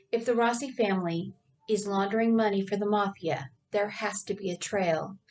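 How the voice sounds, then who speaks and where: A woman's voice: mid-range voice, a little mellow, distant mic, close to an everyday voice. A woman voicing a loyal, nervous young man who talks earnestly and urgently.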